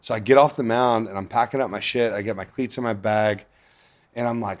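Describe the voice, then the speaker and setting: A man with a fairly low voice tells long stories as an interview guest. He talks casually and swears freely. He often breaks into laughter along the way. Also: a little fast. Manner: profane, animated, laughs often. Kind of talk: casual storytelling.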